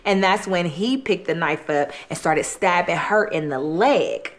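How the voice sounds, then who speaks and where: With a fairly low pitch and an unhurried, measured delivery, a woman eats on camera for her mukbang while telling a true-crime story in casual, chatty fashion, using lots of "like" and acting out quotes.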